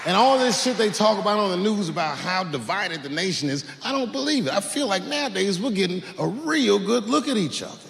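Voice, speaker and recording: A man in his forties performs stand-up live from a large theater stage into a handheld mic, his voice gravelly and full of swooping pitch. He drawls through his stories in low mutters, then leaps into high, incredulous yelps. A long hall reverb and faint crowd ambience hang behind him. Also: expressive, fairly quick, hardly any pauses, fairly bright tone, a little hiss or hum. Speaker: stand-up comedian. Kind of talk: stand-up comedy routine.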